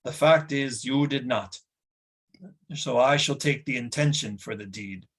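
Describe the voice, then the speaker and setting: A man's voice: medium pitch, a bit bright. Gwydion, a man as a stern noble warrior. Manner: measured, formal speech. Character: stern, noble male war leader, commanding and calm. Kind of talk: audiobook character voice.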